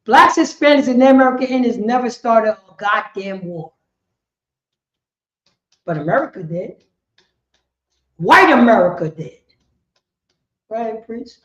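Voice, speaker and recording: A woman teaching a religious law class in an impassioned preaching style, repeating herself with emphasis and swinging between shouts and quiet words. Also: fairly high pitch, animated, unhurried, pauses often. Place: indoor meeting room. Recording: roomy, slightly dull lo-fi sound.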